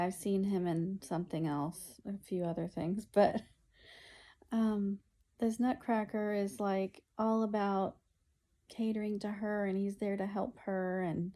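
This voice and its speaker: Unhurried chatty woman vlogging at home. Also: mid-range voice, dark tone. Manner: chatty, unhurried, many fillers, playful scolding of a cat. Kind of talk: casual home vlog chat. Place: at home indoors.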